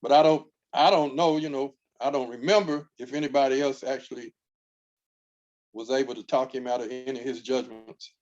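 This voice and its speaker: A man in a church Bible study who talks in a casual, folksy way, with halting phrases and laughs between them. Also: medium pitch, fairly even intonation, darkish tone, highs cut off.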